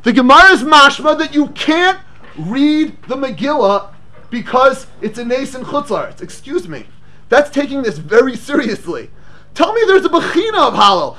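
A man giving a lively Torah lecture, asking rhetorical questions and mixing English with Hebrew and Yiddish terms. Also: very high-pitched, moderate pace. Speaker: rabbi teaching Torah class.

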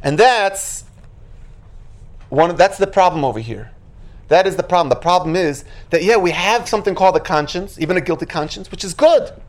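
A religious teacher giving an animated Torah lecture, acting out quotes and sound effects and asking rhetorical questions. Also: medium pitch, moderate pace.

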